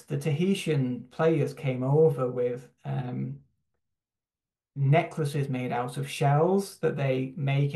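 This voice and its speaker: A young man from the United Kingdom, part of a church human rights team, gives a personal testimony over a video call in a gravelly, medium-pitched, darkish voice with some fry. He speaks reflectively and haltingly, with lots of fillers and restarts, and his room adds an echoey quality.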